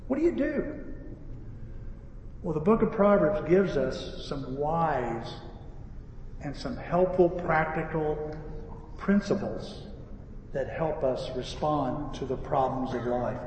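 A man delivers a sermon as a lively story, his voice high and swinging widely in pitch. He acts out the dialogue as he goes. The sound is roomy and distant, with a long hall reverb and faint background ambience. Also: slow, pauses often, a little hiss or hum. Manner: animated storytelling with acted-out dialogue. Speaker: pastor and repair-shop owner.

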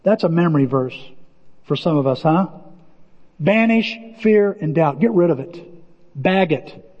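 Animated high-voiced man preaching. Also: unhurried, big-room sound, muffled recording. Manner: animated, acts out quotes, repeats words. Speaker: pastor. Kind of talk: sermon.

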